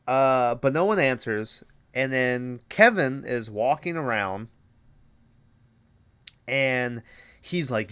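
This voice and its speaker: A man's voice: medium pitch, lively intonation, slow pace, pauses often, a bit bright, clear, resonant tone. A man hosting a podcast, recapping a horror movie in a casual, rambling way with lots of swearing and fillers. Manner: rambling, profane, many fillers. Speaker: podcast host.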